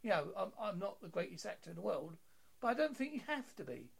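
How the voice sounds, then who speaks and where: A man's voice: high-pitched, very animated, quick pace, creaky, husky. A British man hosting an interview, chatting in a jokey, easygoing way with frequent stammered restarts. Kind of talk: casual interview chat.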